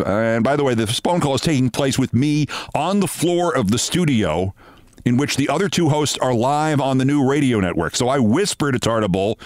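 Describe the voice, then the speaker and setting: A man in his sixties, hosting and telling a brisk anecdote, acting out the dialogue of the people in it. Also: medium pitch, expressive, dry recording. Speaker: host. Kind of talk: anecdotal storytelling monologue.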